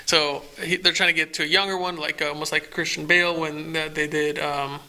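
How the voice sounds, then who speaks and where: Bright-toned man rambling in casual chat. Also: on the high side, level tone. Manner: rambling, halting with many restarts. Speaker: podcast co-host.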